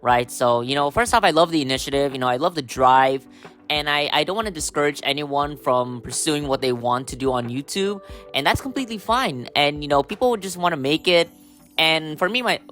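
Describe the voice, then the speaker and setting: A man hosting a casual solo podcast, hoarse from a cold, rambling with lots of fillers and throat-clearing. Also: mid-range voice, a bit bright. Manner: rambling, full of "you know" and "um", throat-clearing. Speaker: podcast host.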